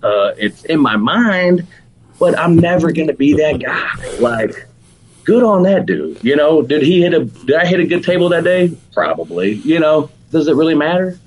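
On a laid-back podcast interview, an Alabama-accented pitmaster guest talks about barbecue in an animated, easygoing way, peppering his speech with "man" and "dude." His voice sits fairly high at normal speed, and the audio is poor with some hiss or hum.

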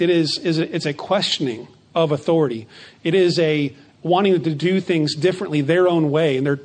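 Man, pastor, sermon, fairly high voice, slows for emphasis, repeats words. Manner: slows down and stresses key phrases; repeats words when starting a phrase.

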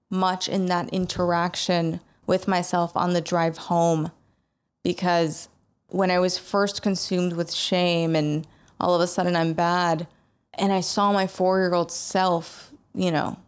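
A woman sharing a personal story in an earnest, emotional way, often restarting her sentences and laughing softly between thoughts. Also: lowish voice.

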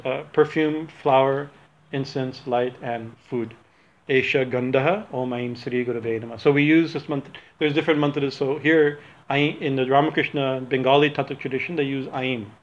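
A man's voice: mid-range voice, gravelly. A man giving an informal religious talk, rambling and correcting himself, with frequent laughs. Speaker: religious teacher. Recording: dull lo-fi recording.

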